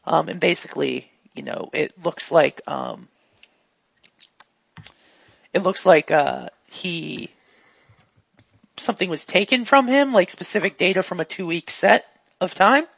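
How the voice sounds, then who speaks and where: Husky, gravelly woman game master. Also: lowish voice, unhurried, long pauses, no room sound. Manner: relaxed, rambling, full of "like" and "um". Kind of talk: narrating a tabletop role-playing game. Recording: dull, dry lo-fi recording.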